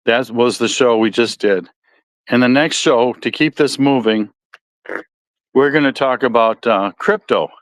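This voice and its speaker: A man's voice: medium pitch, unhurried, no echo. A man with a Midwestern accent hosting a solo podcast, talking casually in a rambling, folksy way that often corrects itself. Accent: Midwestern American. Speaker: podcast host.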